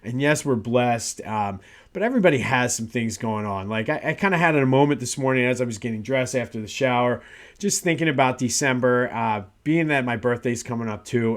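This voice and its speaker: Chatty man hosting a sports talk show. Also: mid-range voice. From Philadelphia area. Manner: chatty, rambling, many fillers and restarts. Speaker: podcast host. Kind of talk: casual solo talk show.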